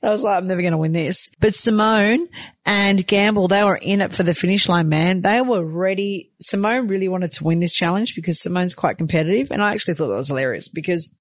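An Australian woman speaking frankly in a reality TV confessional, chatty and emphatic, with the odd casual curse. Her voice sits at a middling pitch and sounds close and dry, with no room around it. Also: brisk, no room sound. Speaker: reality show cast member.

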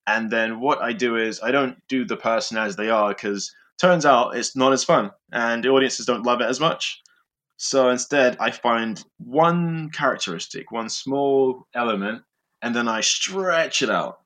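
Guest, male improviser, thoughtful, halting delivery, average pitch. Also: fairly bright tone. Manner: reflective, explains step by step with many fillers. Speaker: improviser and impressionist. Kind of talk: casual interview talk.

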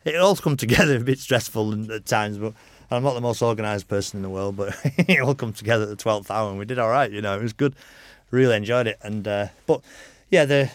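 A man's voice: lowish voice, fast talker, few pauses, no echo. Middle-aged male racer guest, frank rambling storyteller who swears freely, dry close sound. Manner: rambling anecdotes, lots of "you know", frank and swearing. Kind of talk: casual podcast interview.

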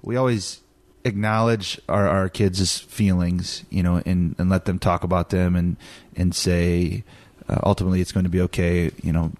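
A man in his thirties calmly talking through how he handled his son's sadness, with frequent restarts. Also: sits low, normal speed, no echo. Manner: calm, reflective, many restarts. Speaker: podcast co-host, father. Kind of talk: casual chat.

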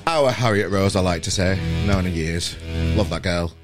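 A middle-aged man hosts a podcast in a fairly low voice, blunt and rambling, with lots of "you know" and "um". Plucked guitar music plays behind him. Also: moderate pace. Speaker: podcast host. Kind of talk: casual chat and rant.

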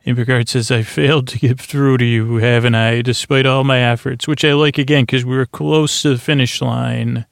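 Flat, gravelly man rambling a recap. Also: medium pitch, normal speed, few pauses, no room sound. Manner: meandering, drowsy, loses the thread, paraphrases dialogue loosely. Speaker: podcast host. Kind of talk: rambling sleep-story recap.

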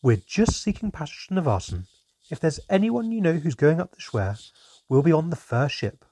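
A man's voice: on the high side, sing-song, mellow, dry recording, pitched above the performer's own voice. A man voicing a polite, anxious goblin mother in a storybook reading. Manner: polite, hurried.

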